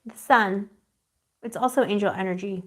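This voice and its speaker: A woman talks her viewers through a live tarot reading at an average pitch. She rambles in a dreamy, affectionate way, stops to hunt for words, and keeps slipping in pet names for the people watching. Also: normal speed, a bit bright. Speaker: tarot reader.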